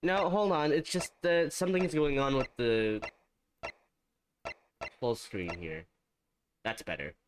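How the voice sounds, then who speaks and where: A man's voice: medium pitch, measured pace, long pauses. A man casually chatting and swearing while playing a game with friends on a stream. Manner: laughing, swearing, playful. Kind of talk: casual gaming chat. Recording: loud background noise.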